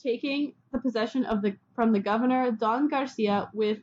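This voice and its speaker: A woman hosting a podcast, telling history in a chatty, casual way and acting out people in quick quotes. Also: fairly high pitch, darkish tone, dull audio, a little hiss or hum. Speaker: podcast host.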